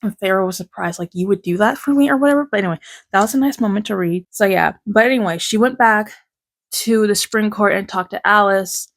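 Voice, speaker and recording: A woman's voice: mid-range voice, brisk. A woman making a casual reading vlog, talking through a book in a rambling, emotional way with lots of fillers. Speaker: book vlogger.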